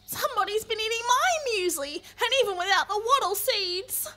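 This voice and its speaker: A woman's voice: extremely high pitch, animated, moderate pace, sharp tone, voice pushed up, heavily acted. A woman voicing a fussy mama koala in a storybook reading, with a whining, cooing manner. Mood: whiny.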